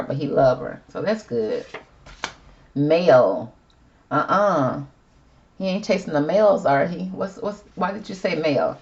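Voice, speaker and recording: A woman's voice: sits low, dull audio. A woman doing a casual tarot reading, chatty and sassy, calling viewers girl and y'all. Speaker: tarot reader.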